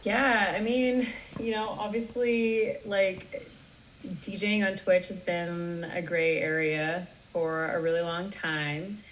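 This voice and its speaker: Woman dj guest, lower voice, laid back, lots of you know and like. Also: slow, slight background noise, poor audio. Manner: relaxed, rambling, lots of you knows and likes. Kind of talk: casual interview chat.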